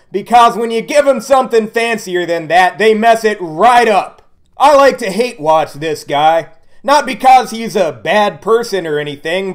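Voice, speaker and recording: A man delivering a blunt, sarcastic rant as a video commentator. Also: sits high. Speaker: YouTube commentator.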